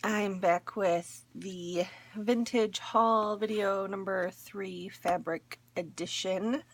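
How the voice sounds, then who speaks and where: A woman's voice: mid-range voice, steady tone, slow pace, slight background noise. A woman chatting casually as a crafting vlogger, showing a fabric haul in her morning voice, rambling with small laughs and fillers.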